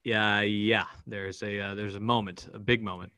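A man, a podcast guest, telling a personal story in a rapid, profane, vivid way. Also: lowish voice, flat delivery, sharp tone, clear, resonant tone, no room sound, poor audio. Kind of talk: candid storytelling in an interview.

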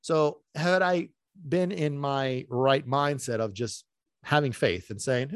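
A man hosting a podcast, telling a long story in an animated, rambling way that swings between loud bursts and muttered asides. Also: fairly high pitch, fairly quick, no room sound, clean studio sound. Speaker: podcast host.

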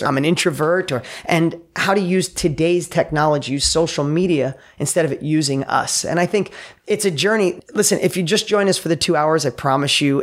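Energetic man telling stories. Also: on the high side. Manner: energetic storyteller, acts out quotes. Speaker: guest entrepreneur. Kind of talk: enthusiastic podcast interview.

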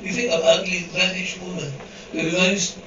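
Man, script reader, reads cues and dialogue the same, higher voice, roomy echo, faint hiss. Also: fairly even intonation, moderate pace, distant mic, highs cut off. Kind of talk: reading an episode script aloud, cues included.

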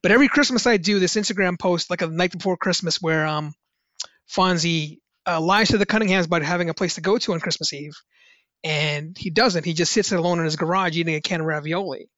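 A man's voice: high voice, brisk, a bit bright, no echo, dull audio. A man, a musician, telling rambling casual stories with lots of fillers and restarts. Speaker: musician guest on a podcast. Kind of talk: casual anecdotal storytelling.

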